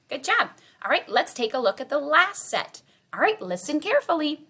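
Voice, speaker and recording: A woman's voice: high voice, sing-song, fairly bright tone. A woman kindergarten teacher giving a cheerful online morning lesson to young children, sounding out letters and counting with them. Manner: cheerful, slow and sing-song, sounding out letters.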